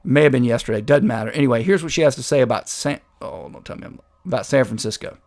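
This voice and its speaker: A man's voice: medium pitch, fast, darkish tone. A man hosting a political commentary show, talking in a sarcastic, combative way. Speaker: host.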